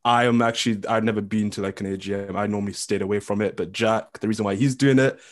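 A young man with an English accent, chatting casually as a guest coach in an interview, full of ums and quick laughs. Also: lowish voice, fairly even intonation. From England. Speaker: coach and committee member.

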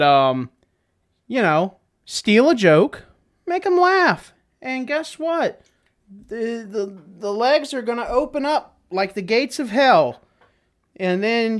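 A man's voice: high voice, fairly bright tone. Guy doing a sweary comedy rant on his podcast, sarcastic, mocks people in silly voices. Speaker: podcast host. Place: in a truck.

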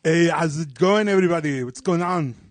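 A man's voice: fairly high pitch, very animated, unhurried, husky, pitched below the performer's own voice, exaggerated voice. A man doing a boastful aging action-star impression. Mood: cheery. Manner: rambling, boastful, fillers like you know. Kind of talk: comedic impression in a podcast.

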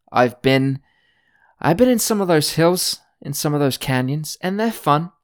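Male podcast host with a mixed British accent, crude and boastful, rambling comic monologue. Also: medium pitch. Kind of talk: rambling comedic rant.

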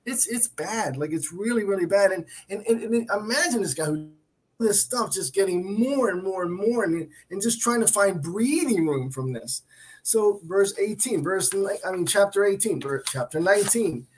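A man's voice: high-pitched, lively intonation, moderate pace. A man co-hosting a Christian talk show, teaching from the Bible in an earnest, emphatic way, often restarting and repeating himself. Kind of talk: Bible teaching in casual chat.

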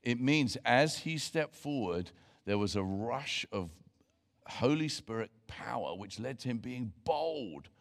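A male pastor delivering a sermon in a mid-pitched voice, pressing his points with emphasis. He drops playful asides to his listeners between serious passages. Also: lively intonation, takes it slowly. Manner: emphatic preaching with joking asides to the congregation.

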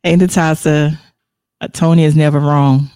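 A woman's voice: sits low, fairly even intonation, moderate pace, warm tone, clear, resonant tone, no room sound, clean studio sound. A woman hosting a casual faith livestream, reflecting aloud and reading viewer comments, laughing often between remarks. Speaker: livestream host.

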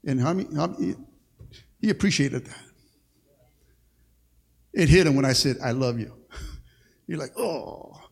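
A man's voice: mid-range voice, moderate pace, gravelly, long pauses, breathy edge. A man preaching a sermon as pastor, with call-and-response and frequent "amen.". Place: church sanctuary. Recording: long reverb of a church hall.

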